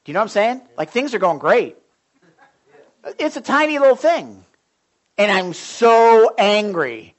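A man's voice: sits high, a little slow, long pauses. Male preacher telling stories, voice jumps around a lot, acts out his thoughts. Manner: animated storytelling, acts out his own thoughts. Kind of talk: sermon.

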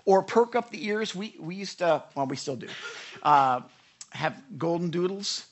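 A pastor delivers a conversational sermon in a medium-pitched, animated voice at a measured pace. Earnest and repetitive, he pauses to act out prayers, sometimes whispering and sometimes crying out loudly.

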